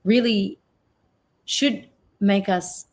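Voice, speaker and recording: A woman's voice: medium pitch, extremely slow, darkish tone. A woman with an Australian accent, a guest on an online talk show, talking earnestly and reflectively and trailing off mid-sentence. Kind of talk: casual interview chat. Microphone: video call.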